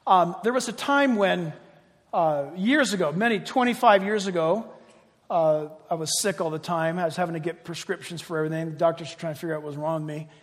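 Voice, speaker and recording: An older male pastor preaching a sermon, passionate and emphatic, then dropping into quiet chatty asides. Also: fairly high pitch, brisk. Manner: impassioned, swinging from loud emphatic cries to quiet chatty asides. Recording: long reverb of a large hall.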